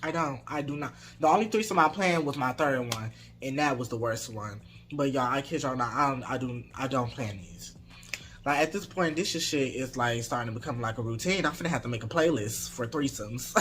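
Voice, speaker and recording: Mężczyzna opowiada anegdotę na vlogu, luźno, z dużą ilością slangu i przekleństw, z zapałem. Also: male voice, mid-range voice, fairly quick. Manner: animated, laid-back slang and swearing. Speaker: storytime vlogger. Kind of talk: casual storytelling.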